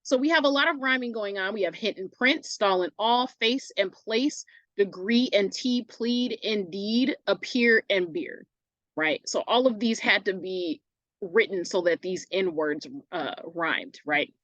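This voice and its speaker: A woman's voice: mid-range voice, a little slow, fairly bright tone, no room sound, dull audio. A woman teacher giving a recorded online English lesson, casual and self-correcting, often asking "right?" as she goes.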